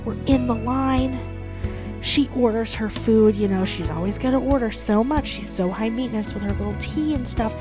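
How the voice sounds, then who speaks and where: A woman putting on a smarmy middle-aged male pastor who preaches theatrically, with booming, swelling emphasis. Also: normal speed, over music. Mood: preachy. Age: 40s. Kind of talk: comedic impression of a sermon.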